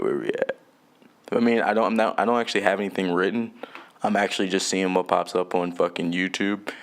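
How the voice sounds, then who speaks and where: A young man from Jamaica talks into a home podcast mic in a loose, rambling solo show. His voice sits a little low, and he swears freely, chuckles between thoughts and abandons sentences halfway through. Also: vocal fry. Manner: loose, profane, laughs often, trails off mid-thought. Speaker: podcast host.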